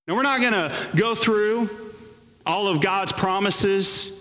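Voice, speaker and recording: A man preaching a sermon as pastor, animated with playful asides. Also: high voice, a little slow, long reverb tail.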